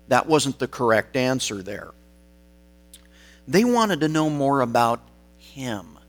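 A man's voice: mid-range voice, fairly bright tone. Man preaching a sermon over a hum. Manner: explanatory, emphatic, slows on key words.

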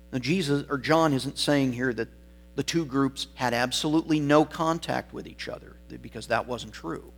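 Male preacher, mid-range voice, emphatic and repetitive delivery, slight electrical hum. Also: mid-range voice. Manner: emphatic, repeats key words for stress. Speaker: pastor. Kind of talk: sermon.

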